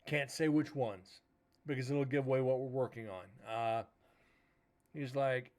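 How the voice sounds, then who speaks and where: A man's voice: mid-range voice, steady tone, a little slow, pauses often, darkish tone. Rambling, cursing man telling a story. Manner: rambling, swears, retells talks in quoted dialogue. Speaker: paranormal show host. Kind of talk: casual storytelling on a livestream.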